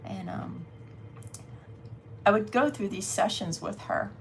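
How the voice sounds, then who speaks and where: A woman's voice: medium pitch, animated, slow pace, vocal fry, slight background noise. A middle-aged woman tarot reader telling a story on a casual livestream. She is chatty, laughs often, and talks straight to her viewers.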